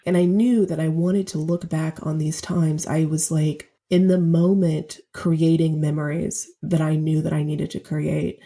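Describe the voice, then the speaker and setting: A woman of about thirty speaks as a podcast guest, her voice low, flat in pitch and gravelly. The tone is dark and mellow. She tells her story in a heartfelt, reflective way. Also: measured pace, few pauses. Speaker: guest poet. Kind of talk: podcast interview.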